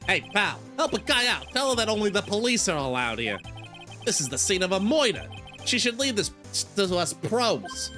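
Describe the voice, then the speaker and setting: A man voicing a bumbling, scruffy police detective in a game read-aloud, loud and blustery. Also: high voice, big pitch swings, moderate pace, soft background music, pitched above the performer's own voice, full character voice. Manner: loud, blustery, says "pal" a lot.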